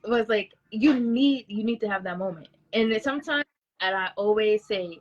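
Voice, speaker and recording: A woman's voice: medium pitch, moderate pace. A woman guest chats freely on a podcast, her voice set in the middle of the range. She slips into the voices of the people she quotes, and the recording sounds dull and lo-fi. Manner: chatty storyteller, acts out quoted dialogue. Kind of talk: casual conversation.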